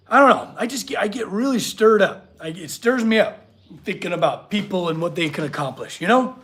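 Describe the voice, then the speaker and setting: A man's voice: high-pitched, expressive, brisk, a bit bright. A man hosting a casual livestream from his workshop, earnest and emotional as he gushes and reacts to the chat. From California. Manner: earnest, emotional, gushing, reads chat aloud. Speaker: livestream host, blacksmith artist.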